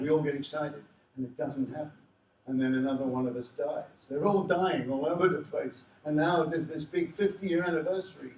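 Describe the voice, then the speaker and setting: Casting: older Australian man, animated raconteur, roomy hall, mic set back from him. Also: medium pitch, far from the mic, slight background noise. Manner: animated, does voices of people in his stories. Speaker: convention panel guest. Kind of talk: storytelling anecdotes to a live audience. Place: convention hall.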